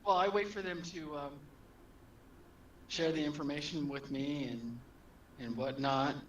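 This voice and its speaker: Guy at a tabletop game, jokey, slow talker, echoey room with a faint hum. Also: a little high, fairly even intonation, fairly bright tone, recorded from a distance, muffled recording. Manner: joking, laughs often. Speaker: player.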